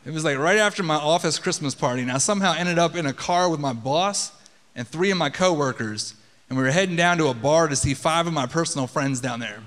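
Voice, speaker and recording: A man with a high voice tells a story live on a theater stage, casual and full of swearing. His voice rings out with the long reverb of the theater hall. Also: fairly quick, a bit bright. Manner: casual, profane, conversational.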